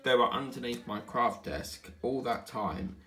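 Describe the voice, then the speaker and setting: A man's voice: mid-range voice, measured pace, fairly bright tone. A tired man chatting casually at home while he crafts, rambling between topics and humming to himself. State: tired, yawning. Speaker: diamond painting channel host.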